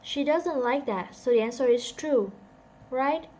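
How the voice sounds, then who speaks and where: A woman's voice: sits high, animated, unhurried, darkish tone, slight background noise. A woman who speaks English as a second language (native Vietnamese) teaches a casual online English lesson, thinking aloud and joking about herself.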